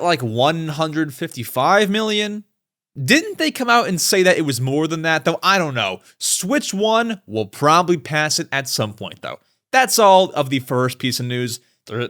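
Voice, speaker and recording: Young male podcast host, fairly high voice that swings widely, chatty and slangy news commentary. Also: unhurried. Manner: animated, chatty, slangy asides.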